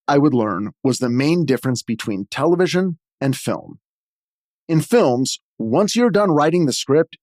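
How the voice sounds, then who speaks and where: A man hosting his own show, reading a scripted comic memoir in a deadpan, self-deprecating way. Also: medium pitch, no room sound, studio quality. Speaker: host and screenwriter.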